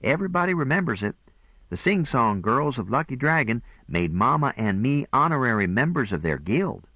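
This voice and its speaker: A man's voice: medium pitch, very animated, normal speed, husky, dry recording, pitched above the performer's own voice. A man voicing a proud, earnest young woman who speaks in a matter-of-fact way, in a dull lo-fi recording.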